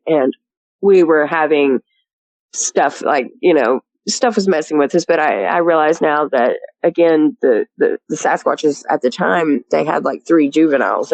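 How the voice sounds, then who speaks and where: A woman's voice: sits low, no echo, rough recording. A woman telling her story as a guest in a rambling, chatty way, full of "you know" and laughs. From rural area. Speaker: guest recounting a sighting. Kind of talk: casual storytelling.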